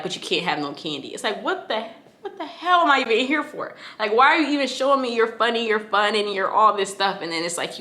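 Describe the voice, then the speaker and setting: A woman's voice: medium pitch, bright, forceful tone. A young woman from Connecticut telling a personal story to her viewers, casual and heartfelt, with lots of fillers. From Connecticut, USA. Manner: casual, heartfelt, filler-heavy, addresses listeners as y'all. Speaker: vlogger. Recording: echoey room.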